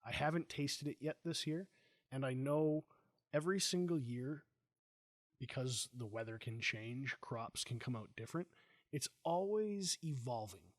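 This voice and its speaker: A middle-aged man with a mid-pitched voice hosts a relaxed conversation. He tells stories in an animated, joking way. The recording is close and dry. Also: measured pace, dry recording. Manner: animated storyteller, jokey. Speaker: host. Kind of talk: casual chat.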